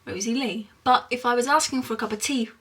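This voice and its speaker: A young woman from Essex with an Essex accent, chatting casually in a rambling vlog, giggling often and filling pauses with lots of ums. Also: a little high, pushed and bright, breathy edge, distant mic. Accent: Essex English. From England (Essex).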